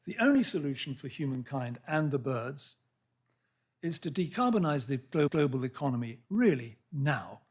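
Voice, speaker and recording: Earnest man lecturing, husky. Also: mid-range voice, sing-song. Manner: earnest, halting, with restarts and read-out quotes. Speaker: lecture speaker. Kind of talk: public science lecture. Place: lecture hall.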